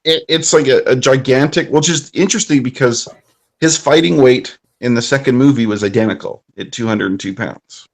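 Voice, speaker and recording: Man, mid-pitched voice, casual podcast co-host, dry jokes. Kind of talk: casual film discussion.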